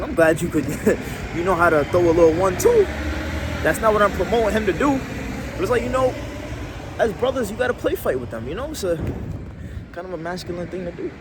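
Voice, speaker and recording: Male vlogger, casual rambling storyteller, animated delivery, recorded outside with street noise. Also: sits high. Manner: rambling, restarts often, slangy.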